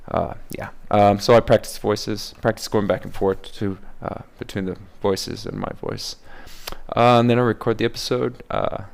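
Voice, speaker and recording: A man's voice: fairly low pitch, fairly even intonation, normal speed, creaky. A man talking casually about how he makes his voice videos, hesitant with many fillers. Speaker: voice-impression creator. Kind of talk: casual behind-the-scenes commentary.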